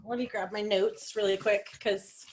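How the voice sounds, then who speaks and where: A woman's voice: mid-range voice, steady tone, moderate pace, a little mellow, slight background noise. Young woman on a video call coaching her sales team, rambly and chatty, laughs at herself. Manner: chatty, self-deprecating, many fillers and restarts. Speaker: direct sales team trainer. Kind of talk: casual training on a video call.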